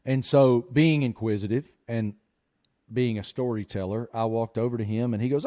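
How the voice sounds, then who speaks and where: A man hosting a podcast, telling a story in an earnest, animated way. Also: mid-range voice, moderate pace. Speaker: podcast host. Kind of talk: storytelling chat.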